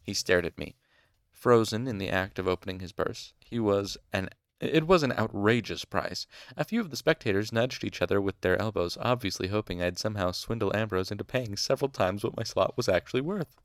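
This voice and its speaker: A man reading a novel aloud in first person, with wry, measured storytelling. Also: fairly low pitch, expressive, no echo, studio quality. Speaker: audiobook reader.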